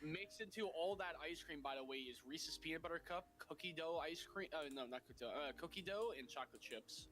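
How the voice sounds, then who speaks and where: A man's voice: on the high side, brisk, few pauses, a bit bright. A man in casual chat on a call, teasing and laughing, talking while chewing. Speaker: guest on call. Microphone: new mic.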